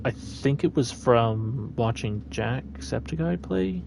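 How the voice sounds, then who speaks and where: A man's voice: mid-range voice, animated, takes it slowly, vocal fry, few pauses, background noise. A man chatting his way through a live gameplay stream, meandering and thinking aloud.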